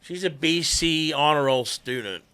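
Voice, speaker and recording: A man's voice: on the high side, measured pace, pushed and bright, clean tone. A middle-aged man, telling stories in a chatty, laughing, drawling way. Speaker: guest musician. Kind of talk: casual storytelling.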